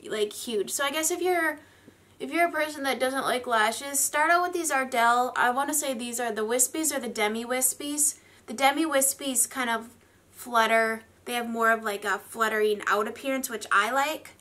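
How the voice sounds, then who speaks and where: Woman beauty vlogger, bright and a touch high, candid rambly chat at home. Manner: chatty, candid, rambling with fillers. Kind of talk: casual get-ready-with-me chat.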